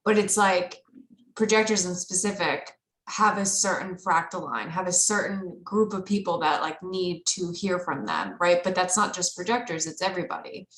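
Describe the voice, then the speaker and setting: A woman with a fairly low voice talks casually on a group call. She rambles, leaning on fillers and laughing easily. Her voice sounds echoey, as if recorded in a bare room. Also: moderate pace, a bit bright. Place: online group video call.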